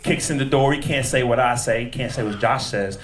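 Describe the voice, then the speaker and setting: A man's voice: medium pitch, fairly quick, far from the mic. A man doing a stand-up comedy set on a club stage, working the crowd and acting out characters. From Texas. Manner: crowd work, acts out characters in put-on voices. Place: comedy club stage before a live audience. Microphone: handheld stage mic. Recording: roomy club sound with crowd laughter. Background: audience laughter.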